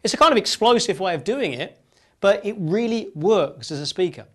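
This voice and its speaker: A man giving a public speaking lesson, moving between fast, punchy delivery and slow, hushed phrases with long pauses. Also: high voice, animated. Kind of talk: presentation lesson demonstrating vocal variety.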